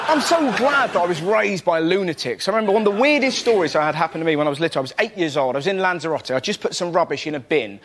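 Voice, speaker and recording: An English man performing a fast, animated stand-up comedy routine on a panel show, building to shouted punchlines. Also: on the high side, background noise.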